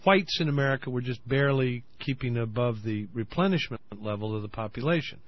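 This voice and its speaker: A man's voice: mid-range voice, brisk, lo-fi sound, crowd noise. A man in a played interview clip, talking earnestly with many ums and uhs. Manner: hesitant, many fillers, earnest. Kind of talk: interview talk.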